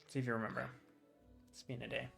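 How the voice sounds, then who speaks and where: A man's voice: medium pitch, little pitch movement, quick pace, gravelly, a bit bright, soft background music. A man running a tabletop fantasy game as game master, narrating scenes casually with frequent fillers. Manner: casual, rambling with fillers, voices side characters briefly.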